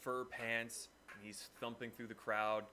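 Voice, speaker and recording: A man narrating as game master, animated and acting out the crowd's voices. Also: mid-range voice, a little slow, slight background noise.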